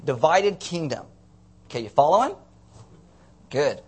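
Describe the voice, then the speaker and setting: A man's voice: on the high side, sing-song, a little slow, a little mellow, breathy edge. A man preaching a teaching sermon to a congregation, playful and jokey, often checking that listeners are following. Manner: playful, jokey asides, audience check-ins. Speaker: pastor.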